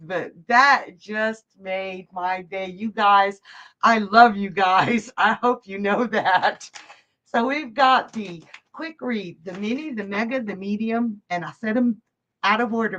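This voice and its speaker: Her voice is fairly high with a fairly bright tone, and the audio comes through dull. She's a psychic hostess running a live stream, reading viewer comments, chatting bubbly, and laughing often.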